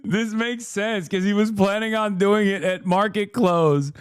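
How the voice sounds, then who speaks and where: A man's voice: high-pitched, fairly even intonation, unhurried, smooth, no echo, studio quality. A male streamer hosting live commentary in a sarcastic, profane, incredulous manner. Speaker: streamer host.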